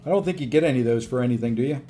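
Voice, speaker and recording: A man's voice: mid-range voice, rapid-fire, mellow, soft background music. A tired, upbeat man live-streaming a video game, chatting casually and thanking viewers by name as he plays.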